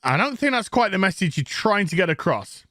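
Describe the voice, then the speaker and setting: Yorkshire man, mocking TV review rant, high swooping voice, bright tone, dry close sound. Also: big pitch swings, a little fast, dry recording. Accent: Yorkshire English. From England. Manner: sarcastic, profane, mocking impressions. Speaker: TV show reviewer. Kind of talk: ranting review commentary.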